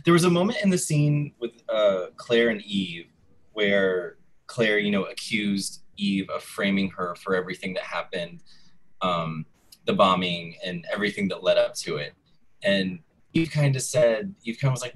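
A man's voice: fairly low pitch, normal speed, poor audio. A man co-hosting a casual chat, thinking aloud as he recaps a soap opera. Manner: chatty, thinks aloud as he talks. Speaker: co-host.

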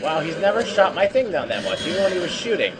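A man's voice: high voice, sing-song, fast, very noisy. A man giving let's play commentary, swearing and complaining with jumpy outbursts. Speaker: gamer.

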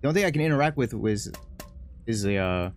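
A man streaming a horror game, joking, excitable and laughing often. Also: mid-range voice, fast talker, faint music behind. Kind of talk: horror game let's play commentary.

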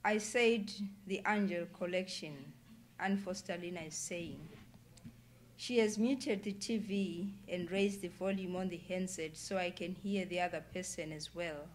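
Low-voiced woman reading her novel. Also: steady tone, measured pace, a little hiss or hum. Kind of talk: literary reading. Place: public reading event indoors.

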